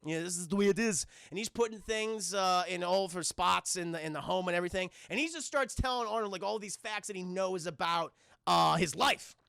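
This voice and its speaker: A man's voice: sits high, a little fast, vocal fry, pushed and bright, clear, resonant tone, dry recording, studio quality. A man casually retelling a film on a live stream, rambling, swearing and talking to his chat. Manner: rambling, profane, talks to chat.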